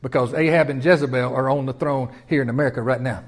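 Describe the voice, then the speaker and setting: A man preaching a sermon in a folksy, animated way, often asking his listeners questions. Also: medium pitch, fast talker. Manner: folksy and animated, with repeated restarts and audience questions. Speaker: pastor.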